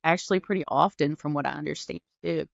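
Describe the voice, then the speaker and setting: A relaxed woman from Virginia chats as a podcast guest, in an easygoing manner. Her audio is dry and a little muffled, like a remote call. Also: low voice, fast talker, gravelly, no room sound. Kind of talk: casual interview chat.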